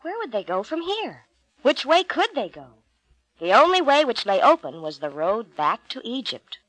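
A woman narrating Bible stories from a storybook in a gentle, clear way. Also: sits high, dry recording, low-quality recording.

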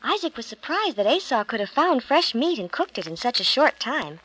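Expressive woman reading a Bible story. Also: high voice, normal speed, dry recording, rough recording. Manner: expressive, gentle read-aloud. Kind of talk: storybook narration.

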